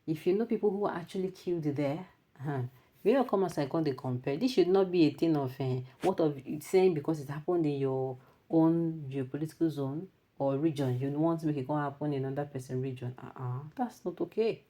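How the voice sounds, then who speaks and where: A woman with a Nigerian accent presenting news commentary, mixing Pidgin into animated remarks and reading out viewer comments. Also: low voice, a little fast.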